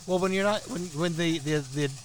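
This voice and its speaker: A man's voice: on the high side, brisk, slight background noise. A man co-hosting a casual podcast chat, telling a story in a rambling way with many restarts and laughs. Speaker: podcast co-host.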